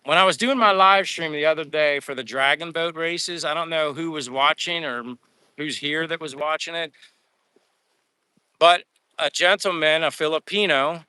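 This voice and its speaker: Male expat vlogger, rambling and grateful, slightly high bright voice. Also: smooth, no echo. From Pennsylvania, USA. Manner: rambling, grateful, stumbles over names. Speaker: expat vlogger reading live chat. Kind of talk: casual live-stream chat while walking. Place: outdoors in a Philippine town.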